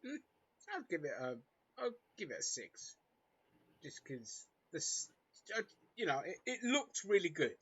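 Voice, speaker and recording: A man's voice: a little high, big pitch swings, a little slow, long pauses, a bit bright, husky, dull audio. A man hosting a casual fan film reaction chat, wrapping up with upbeat, chatty verdicts. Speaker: reaction show host.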